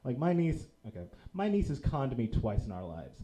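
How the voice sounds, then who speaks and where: Young male stand-up, self-mocking storyteller, lively pitch, mid voice. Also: moderate pace, poor audio. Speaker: stand-up comedian. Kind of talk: stand-up comedy set. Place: small comedy theater stage.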